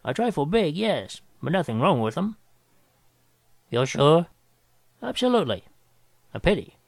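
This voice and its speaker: A man voicing an excitable doctor who chatters eagerly about his patient's possible ailments. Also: a little high, vocal fry, dry recording, pitched above the performer's own voice, exaggerated voice. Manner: rapid-fire, gleeful.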